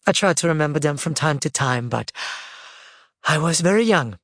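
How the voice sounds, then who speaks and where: A man voicing a gentle, apologetic older grandmother in an audiobook, speaking softly and a little quickly. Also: on the high side, expressive, dry recording, clean studio sound.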